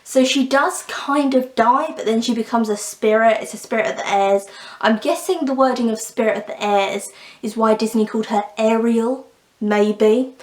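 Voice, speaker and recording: A young woman talks through a fairy tale and its film, opinionated and quick with sarcastic asides. Her voice sits fairly high. The room around her sounds roomy and echoey. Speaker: book and film reviewer. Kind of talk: casual chat. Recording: roomy echo.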